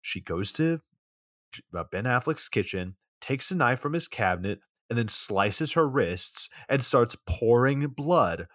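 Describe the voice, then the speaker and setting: A man's voice: medium pitch, expressive, measured pace, fairly bright tone, no echo, clean studio sound. A man co-hosting a podcast, casually recapping a bad movie in a rambling, profane way full of "like". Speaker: podcast co-host.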